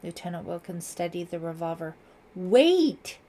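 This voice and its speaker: Low-voiced woman narrating an audiobook. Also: flat delivery, darkish tone. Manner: measured dramatic reading.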